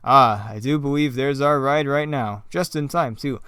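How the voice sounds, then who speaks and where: A man voicing an older, cheerful and pompous gentleman with refined, old-fashioned phrasing, in a smooth, dry voice. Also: mid-range voice, moderate pace, no room sound, natural voice. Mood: genteel cheerful.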